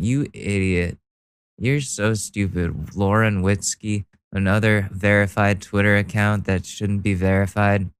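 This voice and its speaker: A man's voice: on the low side, steady tone, measured pace, clean tone, dry recording. A man ranting sarcastically in commentary, exasperated and heavily profane as he mocks the posts he reads. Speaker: political commentary vlogger.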